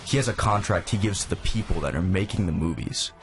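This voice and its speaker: A man's voice: low voice, fast talker. A young man hosting a casual chat while playing a game, talkative and opinionated, swearing freely. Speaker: gamer host. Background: faint game music.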